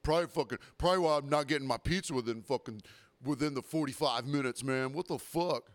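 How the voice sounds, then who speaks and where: A man's voice: medium pitch, fast, no echo. A man hosting a podcast, telling a rambling, profane story about a customer in a casual, exasperated way. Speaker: podcast host.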